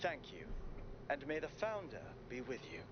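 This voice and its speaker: A man's voice: medium pitch, huge pitch swings, normal speed. A man voicing a formal male city announcer who reads a public notice in a video game. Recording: dull audio with clear noise.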